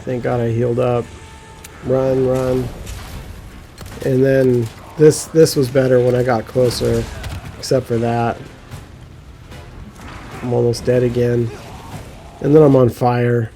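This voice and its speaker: An excitable man talks through his gameplay with a gravelly, fry-tinged voice. He laughs often and swears when the fight gets frustrating. Faint game music plays behind him. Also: mid-range voice, slow, long pauses. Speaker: gaming commentator. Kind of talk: gameplay commentary.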